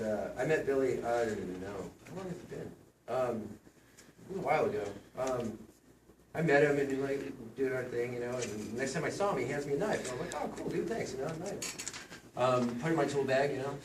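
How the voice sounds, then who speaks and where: A man telling fond, chatty stories at a memorial gathering, laughing as he recalls a friend. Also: medium pitch. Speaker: guest sharing memories. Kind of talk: casual anecdotes at a memorial. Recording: echoey room, far from the mic, background noise.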